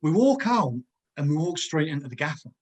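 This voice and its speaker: A middle-aged man tells stories from his playing days in a loose, animated way, often breaking into laughter. His voice sits slightly high for a man. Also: brisk. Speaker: podcast guest, former footballer. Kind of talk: casual storytelling.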